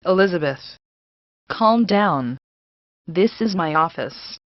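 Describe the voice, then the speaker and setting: A woman voicing a middle-aged male boss who speaks in a calm, measured, firm way, in a dull, lo-fi recording. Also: lowish voice, dry recording.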